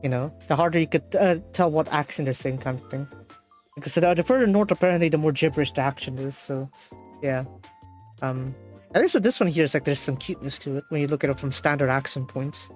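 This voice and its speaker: A woman streaming a game, reading the dialogue aloud and translating it, with halting speech full of fillers and restarts. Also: deep voice, a little mellow, soft background music.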